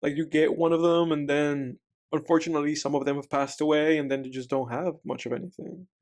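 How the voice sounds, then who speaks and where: A man's voice: on the high side, fairly even intonation, brisk, darkish tone. A man co-hosting a casual movie commentary podcast, who rambles with lots of "like" and restarts. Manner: rambling, full of "like" and restarts, laughs easily. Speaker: podcast co-host.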